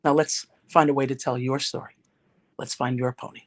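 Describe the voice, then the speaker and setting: A middle-aged woman, a ghostwriter and speaker, telling an anecdote as a podcast guest in an animated, conversational way. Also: extremely low pitch, moderate pace. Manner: animated, conversational storyteller with restarts. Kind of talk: told anecdote and podcast chat.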